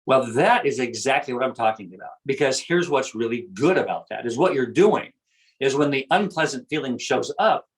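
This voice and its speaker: A man's voice: mid-range voice, animated, moderate pace, rough recording. A man talking through ideas as a guest, explaining earnestly and often repeating his phrases. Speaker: guest speaker on self-awareness. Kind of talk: conversational explaining.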